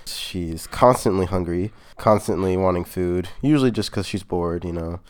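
A man playing a boastful adult male serial killer in an improvised comedy interview, bragging in a nonchalant deadpan way. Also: deep voice, normal speed, natural voice.

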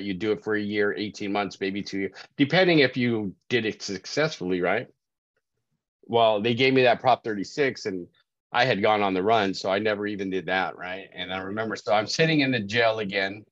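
Low-voiced man telling his story. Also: no echo. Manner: conversational, keeps asking "right?". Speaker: sobriety coach guest. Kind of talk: casual storytelling interview. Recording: dry, dull lo-fi call audio.

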